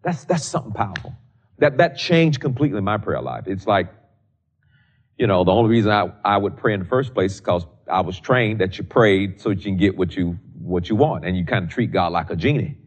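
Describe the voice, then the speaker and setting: Older male preacher, lowish voice, repeats points slowly, muffled lo-fi recording. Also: lively intonation. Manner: repeats key lines slowly for emphasis, many restarts; reads scripture in old-fashioned wording. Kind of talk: sermon teaching on prayer. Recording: dull lo-fi recording.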